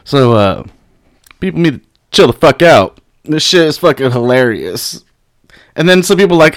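A man hosting his own podcast, ranting at his critics with constant swearing and mocking laughter, high on weed. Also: very animated, moderate pace, pauses often, no echo. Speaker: podcast host. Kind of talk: profane solo podcast rant.

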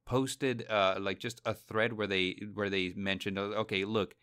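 A man's voice: lowish voice, fairly even intonation, moderate pace, fairly bright tone, smooth, no echo, clean studio sound. A man co-hosting a casual podcast, rambling with many fillers and laughing easily. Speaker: podcast co-host. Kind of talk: casual chat.

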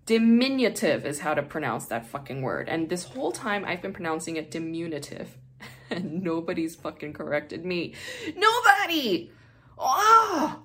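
A woman with a deep, expressive voice speaks at normal speed as she hosts a podcast. English is her second language, and she chats casually and candidly, swearing freely and laughing often.

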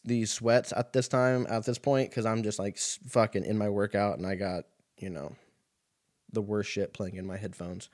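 A young man tells a funny story on his podcast, rambling and swearing freely with plenty of "like" and "uh". His voice sits on the lower side and flows loose and casual. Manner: rambling, profane, full of fillers. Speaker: podcast host. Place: laundromat.

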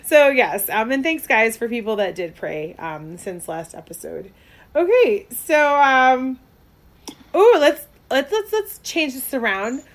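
A woman's voice: a little high, very animated, takes it slowly. A young woman co-hosting a podcast in casual chat, rambling with many fillers and restarts and laughing often. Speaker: podcast co-host.

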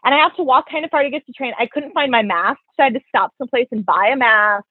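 A young woman hosting a casual chat, telling a story in an animated, profane way and acting out what others said. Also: sits high, fast talker, slightly rough, dry recording. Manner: animated, profane, quotes people in her stories. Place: New York. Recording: tinny phone-like audio.

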